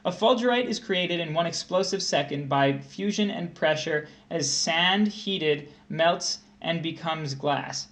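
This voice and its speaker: A man's voice: fairly high pitch, unhurried, hardly any pauses, a bit bright. A young man tutoring test prep on a livestream, walking through a grammar question and thinking aloud with restarts.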